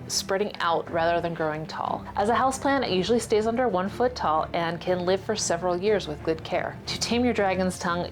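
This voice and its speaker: A woman hosting a houseplant vlog at home, explaining plant care in a chatty, playful way with jokey asides. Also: on the low side. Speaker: houseplant vlogger. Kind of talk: casual informative vlog narration.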